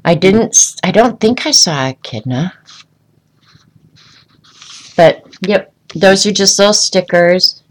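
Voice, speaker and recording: A woman's voice: mid-range voice, expressive, slow pace, pauses often, low-quality recording. A woman chatting casually on a livestream from a room at home, rambling and talking to viewers by name. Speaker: vlogger showing travel souvenirs.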